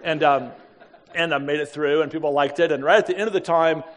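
A middle-aged man telling a personal story with lively energy, often laughing and acting out the voices of the people in it. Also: on the high side, brisk. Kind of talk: animated storytelling talk. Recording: long hall reverb.

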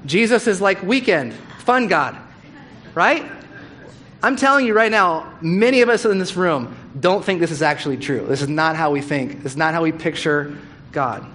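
Male pastor, slightly higher voice, chatty candid sermon delivery, faint background hiss. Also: normal speed. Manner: conversational, candid, animated with asides. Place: church hall.

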